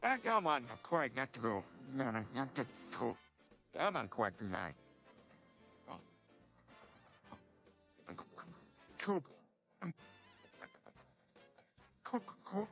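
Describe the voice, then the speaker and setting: A man's voice: mid-range voice, sing-song, slow, long pauses, a bit bright, soft background music, exaggerated voice. A synthetic man's voice playing an easygoing, bumbling middle-aged cartoon dad who stumbles and repeats himself. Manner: stumbling, repetitive phrasing.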